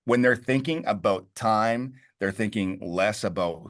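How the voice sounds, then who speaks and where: A Canadian man coaching real estate agents on phone scripts, animated and emphatic with lots of inflection. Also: lowish voice, normal speed. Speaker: real estate team leader, co-host. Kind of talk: sales coaching talk.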